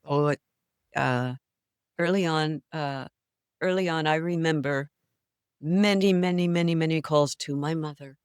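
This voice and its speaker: Smooth, dry-voiced older actress. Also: female voice, low-pitched, measured pace, long pauses, no echo. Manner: animated storyteller, laughs often. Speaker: actress, interview guest. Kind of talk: casual interview talk. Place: New England.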